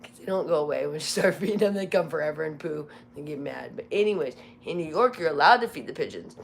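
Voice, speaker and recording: Woman livestream host, deep for a woman, chatty and meandering, voice prone to cracking. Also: lively intonation, fast talker, vocal fry, a little hiss or hum. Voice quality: voice cracks when tired. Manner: rambling storyteller, heavy use of "like". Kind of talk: casual livestream chat.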